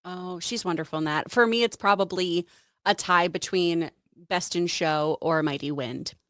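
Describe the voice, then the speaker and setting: A woman co-hosting a casual show, chatty and enthusiastic with quick reactions. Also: fairly low pitch, fairly bright tone, no room sound, clean studio sound. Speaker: co-host. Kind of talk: casual chat.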